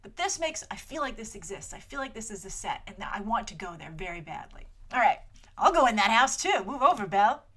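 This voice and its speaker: A woman hosting a trailer review show, talking in a chatty, animated way with lots of asides and playful mock voices. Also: medium pitch, a little fast. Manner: chatty and animated, full of asides and filler words; playful, slips into mock voices when quoting. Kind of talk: casual trailer review commentary.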